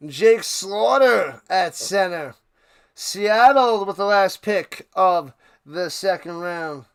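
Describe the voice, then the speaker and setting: High-voiced man calling plays live. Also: takes it slowly, clear, resonant tone. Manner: excitable, bursts into shouted calls. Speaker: live stream host. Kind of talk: casual play-by-play commentary.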